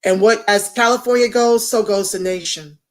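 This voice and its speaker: A woman's voice: medium pitch, fairly even intonation, normal speed. A woman hosting a casual livestream, talking straight to viewers and greeting commenters by name. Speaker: livestream host.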